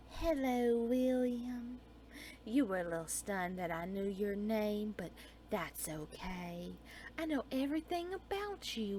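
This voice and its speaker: Slow, soft-spoken woman storyteller. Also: on the high side, a little hiss or hum. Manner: slow, soft, dreamy delivery that drops into whispers. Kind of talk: reading a dark romance story aloud.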